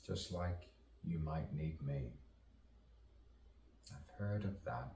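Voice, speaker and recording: A man with a remarkably low voice recites a rambling spoken-word soliloquy, letting phrases repeat in slow rhythmic loops. He sits well back from the mic in a roomy, echoing space, with a faint hiss of background noise. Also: expressive, gravelly, dark tone, far from the mic. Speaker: poet.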